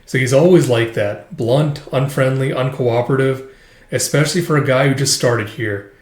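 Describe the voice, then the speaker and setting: A man's voice: medium pitch, normal speed, a little mellow. A man casually recapping a manga chapter, rambling and full of filler words. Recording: echoey room.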